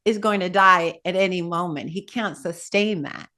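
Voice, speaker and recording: A woman's voice: on the low side, moderate pace, bright, forceful tone. Compassionate god, as a woman puts him on, earnest, anxious, told in a talk. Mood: worried. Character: compassionate male god, moved and worried.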